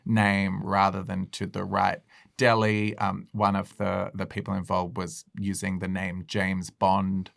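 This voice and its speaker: A man with an Australian accent explains the news as a guest journalist, measured and peppered with uhs. His voice is lowish and gravelly with fry. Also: completely flat delivery, no echo, studio quality. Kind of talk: conversational news discussion.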